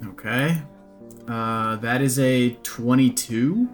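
A man's voice: medium pitch, takes it slowly. A man describes his tabletop character's actions, groping for words and padding them with fillers. Faint music sits underneath. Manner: searching for words, fillers like "like" and "you know". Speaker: player. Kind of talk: casual tabletop play.

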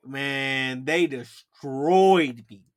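A young man co-hosting a casual chat, telling military stories in a slangy, animated way and acting out the voices of people who yelled at him. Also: mid-range voice, drawn-out words, no echo, studio quality. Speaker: podcast co-host.

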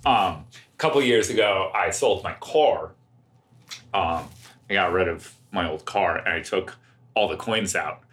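A man co-hosting a podcast, telling a long anecdote in a halting, casual way. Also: sits low, fairly bright tone, echoey room. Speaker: podcast co-host. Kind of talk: casual storytelling chat.

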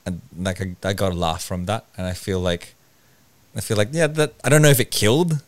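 Man chatting on a podcast, dry close sound, rambling animated storyteller. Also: fairly low pitch, fairly quick, dry recording. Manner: animated storyteller who acts out quotes, rambling with restarts. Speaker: podcast host, stand-up comedian. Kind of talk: casual chat.

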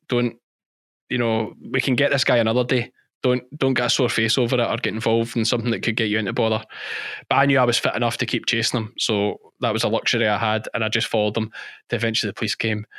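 In a podcast interview, a man who is a sheep farmer and former policeman tells a story animatedly and with emphasis, often starting over mid-sentence. The studio-quality recording is dry and his voice is mid-range.

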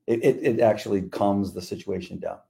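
A man's voice: fairly low pitch, steady tone, a little fast, creaky, mellow. A middle-aged man co-hosting a podcast, chatting casually and acting out quotes as he tells stories. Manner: laid-back storyteller, acts out quotes. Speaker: podcast co-host. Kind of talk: casual chat.

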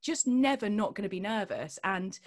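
A woman in her thirties, a singer and performer, telling animated stories as a podcast guest and acting out the people in them. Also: mid-range voice, normal speed. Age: 30s. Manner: expressive storyteller, acts out quoted voices, laughs often. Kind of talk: animated anecdotal chat.

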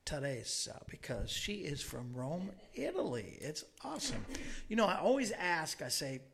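A man hosting a show, chatting casually with his guests in a folksy, joking way, quick to laugh. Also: a little high, very animated, creaky, a bit bright, a little hiss or hum. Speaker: show host.

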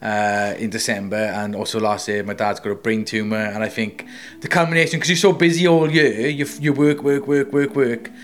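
A man's voice: lowish voice, a little fast, fairly bright tone. A man co-hosting a casual podcast chat, sweary and rambling, telling stories animatedly. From Wales. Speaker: co-host, tattoo artist.

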